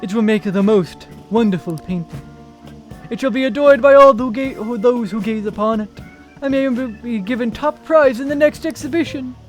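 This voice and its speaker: A dreamy, self-important young painter who speaks in lofty, ornate sentences, voiced by a man reading game lines aloud. His voice sits very high, with faint music underneath. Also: moderate pace. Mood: grandiose. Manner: theatrical, flowery formal speech. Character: pompous young male artist, grandiose and dreamy.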